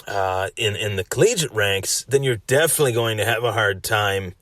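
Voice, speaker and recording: A man's voice: lowish voice, animated, normal speed, a bit bright, no echo, clean studio sound. A man hosting a solo sports podcast, giving a chatty recap that often repeats and restarts phrases. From Western New York.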